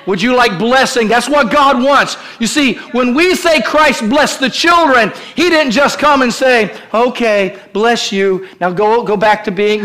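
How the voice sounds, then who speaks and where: A man preaching a sermon as pastor, calling out to the congregation and building to shouted climaxes in a church. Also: very high voice. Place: church sanctuary.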